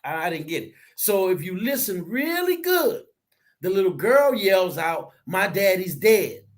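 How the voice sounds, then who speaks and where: With a high voice at a measured pace, a man co-hosts a casual conversation in a preachy, lively manner. His delivery rises until it nearly becomes shouting.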